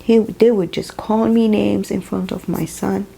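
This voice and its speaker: A young woman who is not a native English speaker, talking emotionally in a personal vlog, halting and sighing as she fights back tears. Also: mid-range voice, fairly even intonation, vocal fry, dark tone, husky, low-quality recording. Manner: emotional, tearful, halting, with sighs. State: crying at times. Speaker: vlogger.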